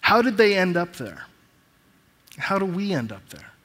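Male pastor, slightly high voice, preaching and reading scripture in a church with long hall reverb. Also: sing-song, unhurried, a bit bright.

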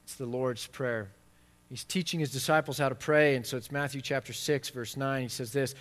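A man preaching a sermon in a church sanctuary, his voice ringing through a long hall reverb. He moves between soft, low asides and loud, emphatic stretches when he drives a point home. His pitch sits in the middle range for a man. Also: steady tone, normal speed. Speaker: pastor.

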